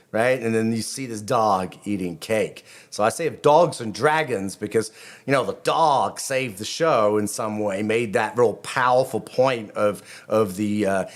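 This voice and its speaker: A middle-aged man talks casually on his own channel, a rabbi chatting at a mid pitch. He rambles, restarts his sentences and drifts into friendly asides. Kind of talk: casual video commentary.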